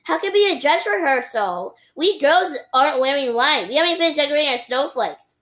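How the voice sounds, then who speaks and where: Brief: woman playing a young schoolgirl, earnest and insistent, raised pitch. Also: lively intonation, brisk, fairly bright tone.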